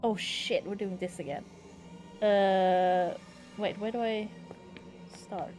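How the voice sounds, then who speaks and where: A woman giving casual let's-play commentary, excitable and easily startled, swearing when scared. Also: mid-range voice, slow, soft background music. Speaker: game streamer.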